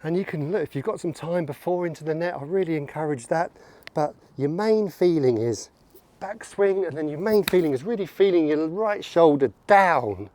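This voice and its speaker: A man's voice: a little high, lively intonation, moderate pace, mellow. A man coaching golf outdoors, upbeat and encouraging as he demonstrates swings. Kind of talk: on-course golf instruction.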